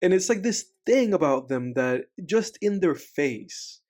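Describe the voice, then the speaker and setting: A man's voice: sits high, expressive, a little slow, a little mellow. A man co-hosting a casual movie commentary podcast, who rambles with lots of "like" and restarts. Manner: rambling, full of "like" and restarts, laughs easily. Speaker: podcast co-host.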